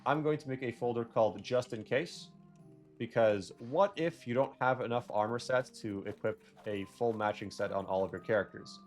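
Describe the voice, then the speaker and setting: A man's voice: mid-range voice, normal speed, faint music behind. A young man giving casual, rambling gameplay commentary, correcting himself and drifting into jokey rants. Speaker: gaming video creator.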